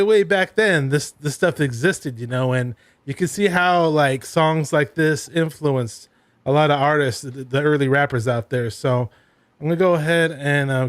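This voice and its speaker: A man hosting a casual online talk show, telling relaxed stories between songs. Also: a little high, no echo. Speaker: podcast host. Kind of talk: casual chat.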